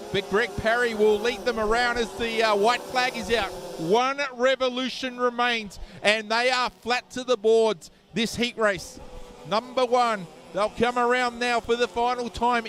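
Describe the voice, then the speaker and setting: A man calling live kart racing from trackside, brisk play-by-play. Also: extremely high pitch, a bit bright. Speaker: race commentator. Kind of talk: live motorsport commentary. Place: trackside at an outdoor dirt kart circuit.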